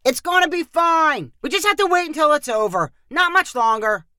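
A woman's voice: medium pitch, big pitch swings, moderate pace, fairly bright tone, no room sound, studio quality. A woman voicing a cocky young American man in a storybook reading, breezy and joking. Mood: insistent.

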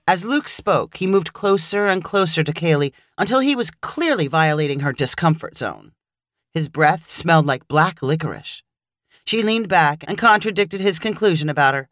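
A woman narrating a short story in a wry, expressive storytelling manner. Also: sits low, moderate pace, no room sound, clean studio sound.

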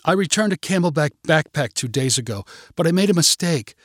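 A man doing a shrill upset young woman. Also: animated, brisk, dry recording, clean studio sound. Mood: pleading, upset. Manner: high-pitched, insistent.

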